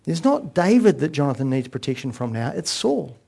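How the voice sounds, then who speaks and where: A man giving a sermon-style Bible exposition, earnest and explanatory, with frequent pauses. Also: a little high, very animated, gravelly, dark tone, husky. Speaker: Bible teacher.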